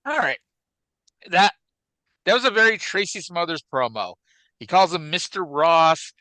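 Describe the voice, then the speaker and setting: A man's voice: sits high, very animated, a little slow, sharp tone, dry recording, rough recording. A man co-hosting a wrestling podcast in a casual, rambling chat. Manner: chatty, rambling, with fillers. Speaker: podcast co-host.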